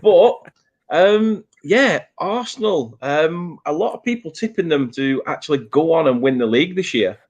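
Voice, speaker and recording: A man's voice: fairly high pitch, animated, normal speed, dull audio. A man with a Northern English accent hosting a casual football prediction chat, joking and laughing through banter. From Northern England. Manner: jokey, laughs often, banter. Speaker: show host.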